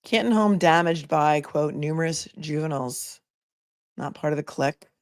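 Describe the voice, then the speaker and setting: Speaking at a normal pace in a low voice, this attorney and commentator runs a relaxed livestream where she reads viewer messages aloud and muses with plenty of asides. The studio-quality recording has no room sound.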